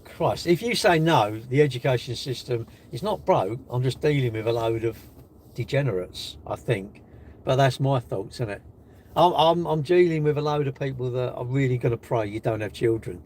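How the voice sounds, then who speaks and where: A British man streaming live from his car, mocking the comments he reads out. His voice sits in a middle pitch, with a faint hiss of noise underneath. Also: normal speed. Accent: British English. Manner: sarcastic, mocking and lively. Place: in a car while charging it.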